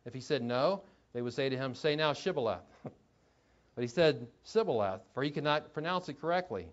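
A man's voice: medium pitch, brisk. Conversational man preaching, lo-fi. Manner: conversational, chuckling asides, rhetorical questions. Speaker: pastor. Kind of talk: sermon. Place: church.

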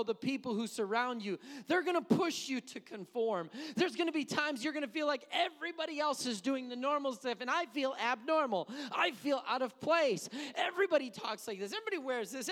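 A man preaching a sermon to a church, building to shouted, drawn-out emphasis. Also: animated, long reverb tail. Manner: impassioned, shouting climaxes, slowing for emphasis; drops to a soft, low near-whisper at the close. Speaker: pastor.

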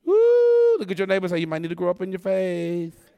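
A man preaching a fervent sermon, calling out to the congregation and rising into shouts. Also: high-pitched, level tone, fast talker, vocal fry, smooth, dull audio.

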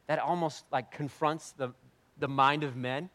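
A man preaching a sermon, animated and jokey, swinging between loud bursts and quiet asides. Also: on the high side, unhurried. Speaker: pastor.

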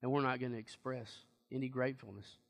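A man's voice: mid-range voice, steady tone, quick pace, creaky. A man preaching a sermon in a conversational, emphatic way and asking the congregation questions.

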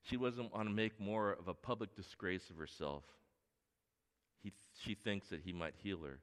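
Bright-voiced middle-aged pastor preaching. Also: male voice, fairly low pitch, normal speed. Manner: earnest storytelling, swings between hushed and emphatic. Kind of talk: sermon. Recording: long reverb of a large hall.

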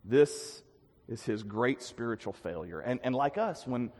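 A man preaching a sermon, earnest and dynamic, with emphatic swells and quiet drops. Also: medium pitch, expressive, a little slow. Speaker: pastor. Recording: long hall reverb.

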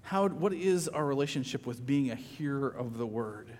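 A man's voice: mid-range voice, expressive, normal speed, a little mellow, in a large hall. A man preaching a sermon as pastor, conversational, often repeating words as he starts a phrase.

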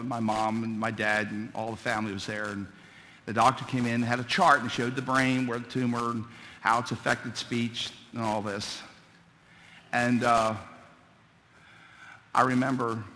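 Male preacher, impassioned church sermon, bright tone, reverberant hall. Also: medium pitch, a little hiss or hum. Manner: fervent preaching, rising to shouts. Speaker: pastor.

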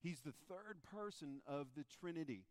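A man, a pastor preaching a sermon, who tells the story with animated, playful energy. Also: a little high, normal speed, no room sound. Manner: animated storytelling, acting out the disciples' voices.

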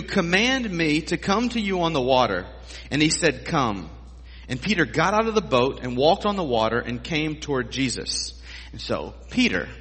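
Man pastor, sermon, slightly high voice, husky tone, conversational and emphatic, long church reverb. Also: a bit bright. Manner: conversational, emphatic preaching with rhetorical questions.

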